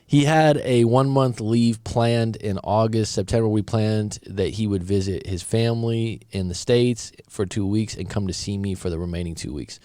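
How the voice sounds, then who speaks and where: A man's voice: on the low side, normal speed, few pauses, mellow, dry recording, studio quality. A man, a breakup coach, reads out a viewer's story and comments on it in a casual, direct way, sometimes stumbling over his words. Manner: casual and direct, thinks aloud, some stumbles.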